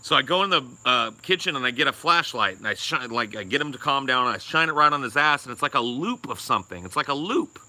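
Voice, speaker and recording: A man's voice: mid-range voice, animated, quick pace, hardly any pauses, bright, forceful tone, no room sound. A young man co-hosting a podcast, telling a rambling, crude story and swearing a lot. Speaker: podcast co-host.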